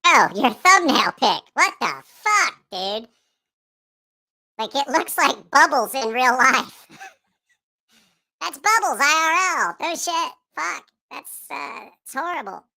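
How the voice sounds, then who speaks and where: A man putting on a squeaky voice for a rude, foul-mouthed little man who taunts people with crude insults. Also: big pitch swings, slow, gravelly, sharp tone, full character voice. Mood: disgusted.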